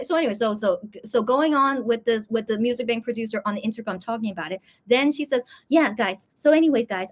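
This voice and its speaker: A woman vlogger telling a story in casual chat, rambling with lots of fillers and squealing high when she quotes others. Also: a bit bright. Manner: rambling, heavy use of "like" and "okay?", acts out others in high squeals.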